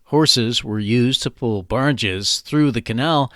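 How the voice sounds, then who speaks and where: A man's voice: medium pitch, measured pace, few pauses, fairly bright tone, no echo, studio quality. A man hosting a scripted educational podcast, explaining phrases in a playful, jokey way. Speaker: podcast host.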